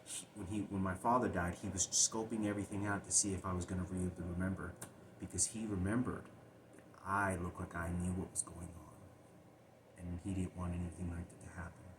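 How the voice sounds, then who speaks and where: A man telling a personal story in a halting, agitated way, with many restarts. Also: sits low, flat delivery, background noise. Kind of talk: personal spoken monologue.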